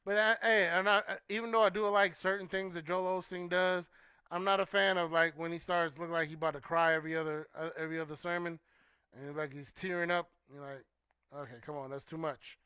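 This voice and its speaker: A man hosting a livestream talk show chats casually, reading and answering viewer comments. He's relaxed and conversational, dropping frequent "um"s and soft "you know"s and letting his points trail off quietly. His voice is bright, crisp and slightly higher than typical for a man, delivered briskly in a dry, close recording with no room sound.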